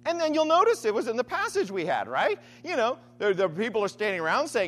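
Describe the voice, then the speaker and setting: Male preacher, casual sermon, keeps asking "right?", extremely lively pitch. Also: a little fast, few pauses. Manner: animated storytelling.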